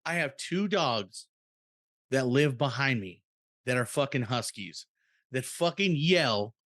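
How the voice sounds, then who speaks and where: A man's voice: mid-range voice, lively intonation, slow pace, a bit bright, no echo, studio quality. A man co-hosting a podcast in casual chat, loose and profane, stopping to explain things to a co-host.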